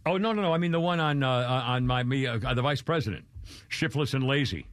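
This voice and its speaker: A man's voice: fairly high pitch, lively intonation, fast, no room sound. A man in his sixties hosting a talk radio show, blunt and jokey with frequent chuckles. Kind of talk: casual talk radio banter.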